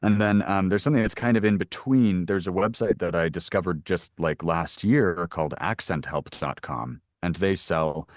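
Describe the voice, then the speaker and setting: A man with a very low voice talks through his narration work in an unhurried, explanatory way, pausing often with fillers. The sound is dry and close, with no room around it. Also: no room sound. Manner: thoughtful, explains at length with many fillers. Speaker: audiobook narrator. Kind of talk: conversational interview answers.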